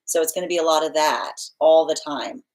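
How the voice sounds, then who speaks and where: Chatty tarot reader, low voice. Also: female voice, fairly even intonation, a little fast, darkish tone, poor audio. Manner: chatty, laughs often, many fillers and restarts. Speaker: tarot reader answering live chat. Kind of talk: casual live-stream chat.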